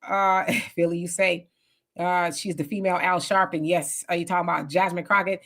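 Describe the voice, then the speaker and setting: A woman's voice: lowish voice, little pitch movement, normal speed, fairly bright tone. A woman hosting a livestream commentary, talking in a loose conversational way and firing off emphatic rhetorical questions. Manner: loose conversational street talk. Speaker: commentary host.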